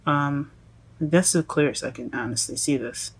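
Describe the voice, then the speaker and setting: Speaking low and huskily, a woman does a relaxed tarot reading for her audience. She frequently addresses them as "guys," pausing and self-correcting along the way.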